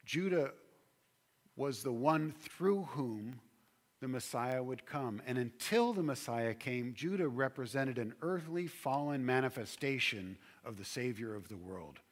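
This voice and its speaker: A man's voice: mid-range voice, expressive. Man preaching with rising fervor. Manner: preaching with swelling emphasis and drawn-out key words. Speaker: pastor. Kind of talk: sermon.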